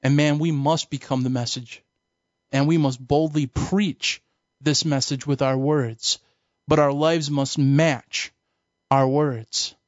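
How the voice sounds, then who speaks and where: A man preaching a sermon-style teaching lesson, his voice a little high, emphatic and casual as he tells stories. The sound is close and dry with no room echo. It comes through on a dull, muffled recording. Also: steady tone, takes it slowly. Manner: emphatic, colloquial preaching with storytelling. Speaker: Bible teacher.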